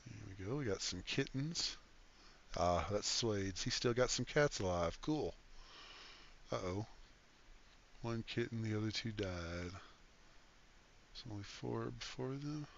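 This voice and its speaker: A man's voice: lowish voice, expressive, slow, pauses often, dull audio, a little hiss or hum. An older man hosting a casual game livestream, reading chat aloud in an easygoing, folksy way and thanking viewers.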